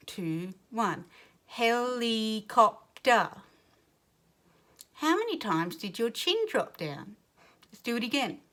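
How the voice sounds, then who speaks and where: In a recorded lesson for young children, a woman teacher speaks clearly and patiently, sounding out words. Her voice is fairly high-pitched and a bit bright.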